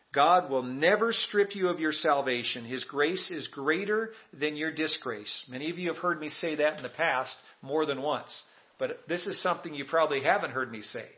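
A man preaching with an emphatic, fairly high voice that reaches out to the congregation. The sound is dull and lo-fi, like an older church sermon recording. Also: moderate pace. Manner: emphatic, asks the congregation to repeat lines. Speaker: pastor. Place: church sanctuary.

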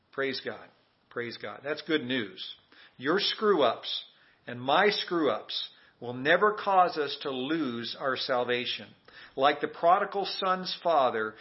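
A man preaching with an emphatic, fairly high voice that reaches out to the congregation. The sound is dull and lo-fi, like an older church sermon recording. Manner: emphatic, asks the congregation to repeat lines. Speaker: pastor. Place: church sanctuary.

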